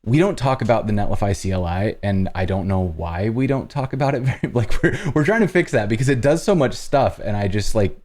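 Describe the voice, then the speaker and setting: Host, male, deep voice, narrates his coding steps casually, keys clacking behind. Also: expressive, darkish tone. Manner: talks through each step as he types, halting restarts. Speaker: host live-coding on stream. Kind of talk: casual live-coding chat.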